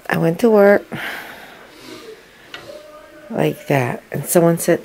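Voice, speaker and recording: A woman's voice: medium pitch, expressive, moderate pace, pauses often, rough recording. A woman vlogger telling a rambling personal story in a casual, chatty way, full of fillers and restarts. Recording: faint background water noise. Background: loud waterfall noise.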